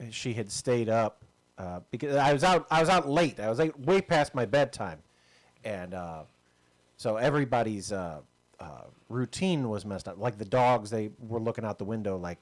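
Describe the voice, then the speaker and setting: A man's voice: fairly low pitch, expressive, normal speed. A man co-hosting a podcast, chatting casually and telling an everyday story with laughing asides. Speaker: podcast co-host. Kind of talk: casual chat.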